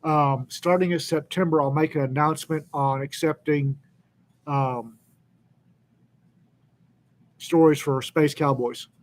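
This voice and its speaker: A man co-hosting a casual live chat, making announcements with lots of pauses and ums, and joking about himself. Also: a little high, steady tone. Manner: halting, many ums, self-deprecating. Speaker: co-host, anthology editor.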